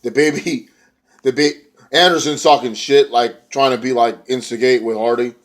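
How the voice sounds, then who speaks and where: Here a young man with a medium pitch and fairly even intonation talks at normal speed. He's loosely recapping a wrestling show in slang, rambling along and occasionally quoting the wrestlers in their own voices.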